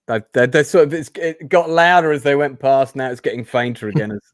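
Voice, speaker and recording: A man's voice: mid-range voice, brisk, no echo, studio quality. A man with an English accent chatting casually about films, making jokey asides. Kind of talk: casual film chat.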